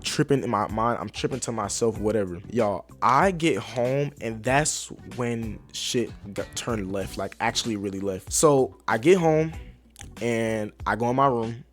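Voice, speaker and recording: Rambling, profane young man telling a story. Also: medium pitch. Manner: rambling, profane, slangy, addresses viewers as y'all. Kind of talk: casual storytime monologue.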